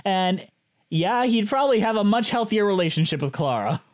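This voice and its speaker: A man's voice: high voice, lively intonation, fairly quick. A man co-hosting a casual podcast about musicals, asking probing questions and talking enthusiastically. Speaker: podcast co-host.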